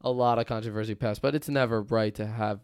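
A man hosting a casual podcast, talking in a calm, measured and agreeable way. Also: fairly low pitch. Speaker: podcast host.

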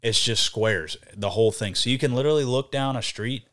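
A young man and podcast guest telling profane, animated stories in casual chat. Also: medium pitch, a little fast. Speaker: podcast guest, band vocalist.

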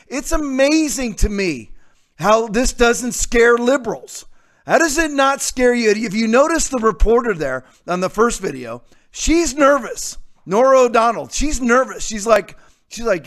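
A male talk show host giving an opinionated, sarcastic commentary monologue that rises into shouted outbursts. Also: extremely high pitch, sing-song, measured pace.

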